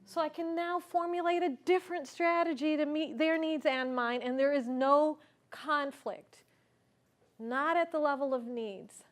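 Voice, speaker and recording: On a conference stage, a woman with a high-sitting voice speaks at a measured pace. She tells a personal story in an earnest, reflective manner and poses questions to the audience.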